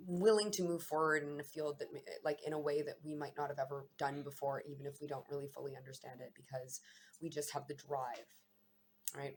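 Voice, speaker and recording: A woman's voice: deep voice, slight background noise. A woman vlogger talking casually and reflectively to camera about astrology, meandering and often correcting herself mid-sentence. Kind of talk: casual spiritual musing to camera.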